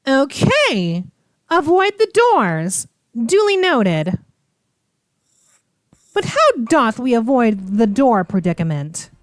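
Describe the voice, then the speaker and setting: A woman's voice: on the high side, no room sound, studio quality. A young woman playing through a game with playful, theatrical, teasing commentary. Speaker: gaming streamer. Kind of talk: let's play commentary.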